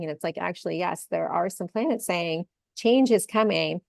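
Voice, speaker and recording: Low gravelly woman astrologer, dry sound. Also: fairly quick, hardly any pauses, darkish tone, no room sound. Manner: reflective, explanatory, tags points with "right?". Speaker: astrologer guest. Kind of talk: casual conversational interview.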